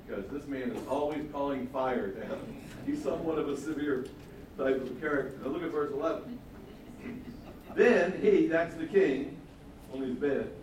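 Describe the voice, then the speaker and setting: A man teaching the Bible in a conversational sermon, with casual, chuckling asides and questions to the listeners. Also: on the high side. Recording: echoey hall from far off, faint noise.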